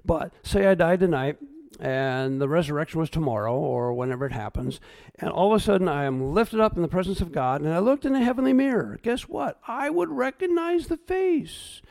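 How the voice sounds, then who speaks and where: A middle-aged pastor preaching a sermon, swinging between hushed, choked-up asides and raised, emphatic points. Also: male voice, a little high, lively intonation, fairly quick, vocal fry. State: choked up at times.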